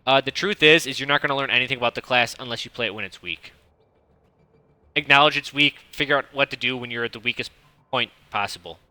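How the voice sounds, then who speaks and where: Casting note: streamer, thirties, piercingly bright and dry-close tone, swears freely, rambling coach. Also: male voice, mid-range voice, fast talker, no echo. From United States (Detroit). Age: 30s. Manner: profane, rambling, blunt advice; self-described monotone delivery. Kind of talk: casual coaching commentary.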